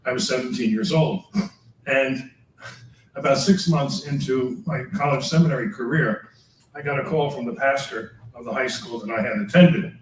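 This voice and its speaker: Recorded from a distance in an echoey room with slight hiss or hum, an older priest lectures teachers in his mid-range voice. Chatty and quick to chuckle, he weaves in personal anecdotes and caps his remarks with "all right?" and similar quick questions to the room.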